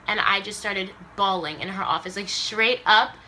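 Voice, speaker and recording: Young woman vlogger, bright storytelling voice. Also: medium pitch, normal speed, slight background noise. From Los Angeles area, US. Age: young adult. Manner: emotional retelling, acts out quoted voices, says "like" a lot. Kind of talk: casual storytime.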